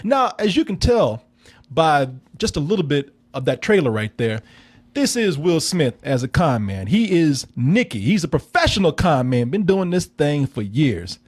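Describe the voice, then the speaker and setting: A man hosting a casual film review, animated and profane, laughing often and acting out scenes. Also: a little high, normal speed, slightly rough.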